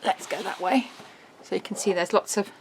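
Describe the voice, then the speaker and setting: A woman's voice: mid-range voice, creaky, background noise. Chatty woman showing a craft album. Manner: chatty, bubbly, quick laughs. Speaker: craft shop presenter. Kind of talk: casual product walkthrough.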